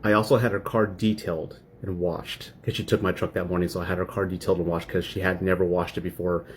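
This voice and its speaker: A man's voice: low voice, little pitch movement, fast talker, slight background noise. A man telling a personal story in casual speech, acting out his partner's complaints. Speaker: interviewee.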